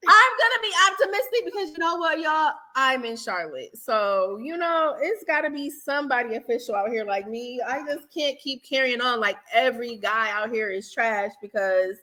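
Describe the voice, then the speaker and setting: Bright, animated high-voiced woman. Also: normal speed, hardly any pauses. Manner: candid, laughing, slangy. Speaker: podcast co-host. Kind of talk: casual chat.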